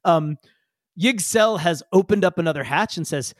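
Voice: mid-range voice, lively intonation, normal speed, no echo, studio quality. A game master narrating a tabletop game in a chatty way, explaining with many fillers.

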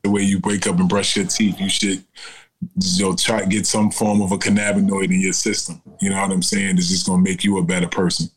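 This is a man in his forties with a lowish voice, speaking as an interview guest. He talks in a loose, conversational way and keeps turning to the listener with quick asides. His tone is easygoing rather than polished. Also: husky, low-quality recording. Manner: relaxed, conversational, repeats "you know what I'm saying". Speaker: guest, cannabis company founder. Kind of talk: casual interview storytelling.

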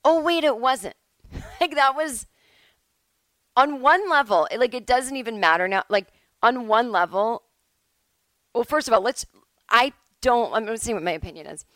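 Her voice a little high and a bit bright, a woman hosts a solo podcast from home at normal speed, pausing often. The rough recording has no echo. Her talk is loose, chatty, and rambling, and she regularly interrupts herself mid-thought.

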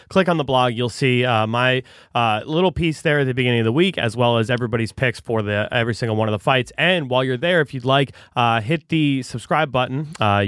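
A man's voice: medium pitch, a bit bright, no echo. A young man co-hosting a podcast, easygoing and dry, reading promo plugs in casual chat. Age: young adult. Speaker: podcast co-host and producer.

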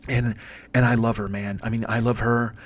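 A man's voice: mid-range voice, flat delivery, normal speed, lightly acted. A man voicing a distraught young male passenger who rambles, stammers and swears. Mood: pleading.

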